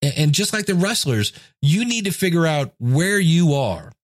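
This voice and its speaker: A man's voice: a little high, big pitch swings, moderate pace, dry recording, studio quality. A man in his fifties giving a casual motivational monologue, telling stories and acting out quoted voices. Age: 50s. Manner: storytelling, acts out quoted voices.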